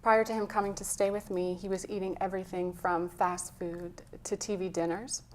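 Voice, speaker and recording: A woman's voice: medium pitch, level tone, moderate pace, a little mellow, slight background noise. A woman guest and health coach, talking earnestly in an interview, telling a story with some emotion. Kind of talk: conversational interview.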